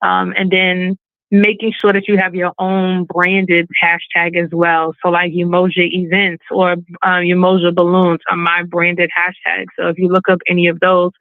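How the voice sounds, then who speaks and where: A woman presents on a video call in a casual, talkative way, with plenty of fillers and playful acted-out quotes. Her voice has a slight gravelly fry. The sound is dry and narrow, like a phone line. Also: on the low side, completely flat delivery, moderate pace, no echo. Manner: chatty, filler-heavy, acts out quoted voices. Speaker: webinar presenter and balloon event business owner. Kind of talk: casual online presentation with slides. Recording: phone-like webinar audio, dry.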